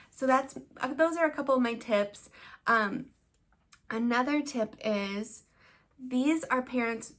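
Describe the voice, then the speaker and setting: A woman's voice: on the high side, creaky. A young adult woman giving chatty, upbeat tips as an online English teacher, with frequent fillers. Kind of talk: casual teaching-tips vlog.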